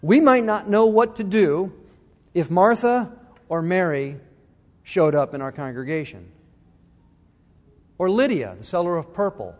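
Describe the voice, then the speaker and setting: A man's voice: high voice, lively intonation, unhurried, pauses often, long reverb tail. A middle-aged man preaching a sermon, earnest and conversational, restarting his phrases as he talks. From Arizona. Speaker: pastor.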